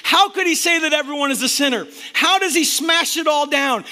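Fired-up pastor with a bright, high voice. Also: male voice, fairly quick. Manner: impassioned, swings between loud emphasis and quiet intensity. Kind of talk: sermon. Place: church.

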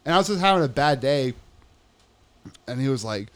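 A man's voice: mid-range voice, expressive, moderate pace. A young man telling a story in casual chat, rambling and swearing, acting out what others said. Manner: profane, rambling, re-enacts quoted dialogue.

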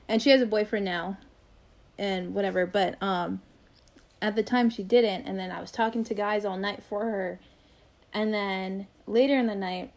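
A young woman co-hosting a podcast, telling a story in a casual, animated way, acting out quotes and laughing often. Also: mid-range voice. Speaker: podcast co-host.

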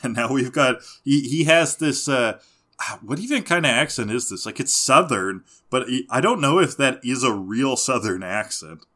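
A man's voice: mid-range voice, lively intonation, normal speed, sharp tone. A man co-hosting a casual podcast, recapping cartoon episodes, laughing often and mimicking characters in mocking voices. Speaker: podcast co-host.

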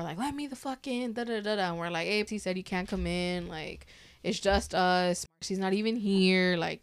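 A woman's voice: medium pitch, fairly bright tone, smooth. A woman in her thirties telling a story in casual chat. She swears freely and acts out the voices of the people in it. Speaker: podcast host.

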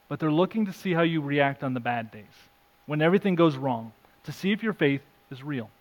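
A male pastor preaching an earnest sermon, reading scripture aloud, rising for emphasis and dropping soft. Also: on the high side, muffled recording. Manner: self-deprecating asides.

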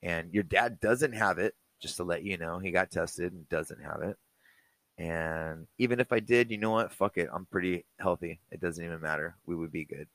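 A young man hosting a podcast, talking casually and with feeling, swearing freely and pausing often. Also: low-pitched, a bit bright, no echo. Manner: casual, swearing, heartfelt, halting. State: choked up. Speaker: podcast host. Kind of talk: personal message monologue.

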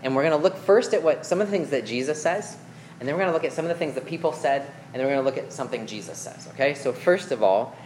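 Male preacher, mid-pitched, relaxed explainer who quizzes his listeners, faint noise behind. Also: brisk. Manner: reads scripture aloud, then explains it; checks in with listeners with questions and "okay?". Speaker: preacher teaching a Bible passage. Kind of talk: conversational Bible teaching.

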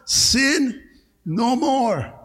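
A man's voice: very high voice, animated, extremely slow, a bit bright, slightly rough. A man preaching a sermon as pastor, with call-and-response and frequent "amen.". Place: church sanctuary. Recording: long reverb of a church hall.

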